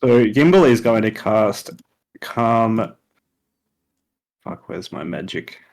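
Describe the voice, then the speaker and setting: A man playing a tabletop game who declares his character's spells and actions in a relaxed, matter-of-fact way. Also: on the low side, takes it slowly, vocal fry. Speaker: player.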